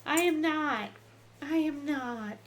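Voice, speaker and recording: A woman's voice: takes it slowly, slight background noise. A woman voicing a fussy, fluffy girl dog that grumbles in a raised, piping voice. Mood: complaining. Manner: complaining in a high mock voice. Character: fluffy loyal female pet dog, fussy.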